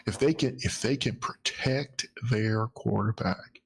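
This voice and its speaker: A man with a gravelly, husky voice hosts a casual live stream, talking in a loose, halting way. He trails off and restarts his sentences, thinking out loud as he goes. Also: fairly low pitch. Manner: rambling, halting, restarts often. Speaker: host of a live football talk stream.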